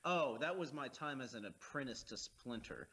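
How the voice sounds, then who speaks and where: A man in his thirties co-hosting a movie commentary podcast, telling absurd jokes in a deadpan way. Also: mid-range voice, moderate pace, a little hiss or hum. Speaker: podcast co-host. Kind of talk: casual movie commentary chat.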